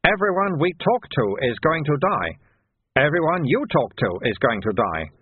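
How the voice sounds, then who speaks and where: A man doing a calm, cheerful old monk. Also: fairly high pitch, normal speed, breathy edge, pitched above the performer's own voice. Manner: calm, gently teasing. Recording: tinny phone-like sound.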